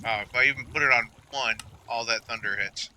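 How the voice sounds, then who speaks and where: A man's voice: medium pitch, a little fast, noisy background. A man giving casual gameplay commentary, rambling and joking at himself. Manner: rambling, joking, self-deprecating. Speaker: gameplay streamer.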